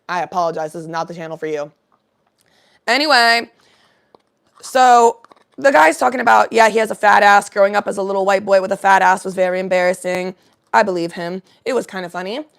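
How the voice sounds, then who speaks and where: A woman's voice: medium pitch, gravelly. A young woman vlogger telling a story in casual chat, chatty and profane, greeting viewers by name.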